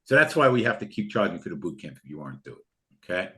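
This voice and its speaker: An older man hosting a live online trading class who pitches the course in a pushy, heartfelt, repetitive way over a video call. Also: very animated, fast, a bit bright.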